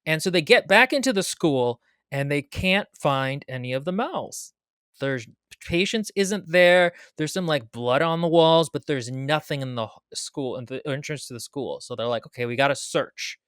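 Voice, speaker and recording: Man in a dry booth, higher voice. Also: expressive, normal speed, fairly bright tone, clear, resonant tone, no echo. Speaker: podcast co-host. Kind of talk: casual book review chat.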